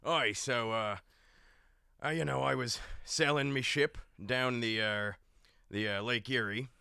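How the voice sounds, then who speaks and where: A man's voice: mid-range voice, a little slow, vocal fry, sharp tone, clear, resonant tone, dry recording, studio quality. A man voicing a rambling, self-important old sea captain with a put-on Scottish brogue, improvising on a comedy podcast. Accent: wobbly put-on Scottish brogue. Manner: pirate-ish "aye" and "yarp" talk, rambling.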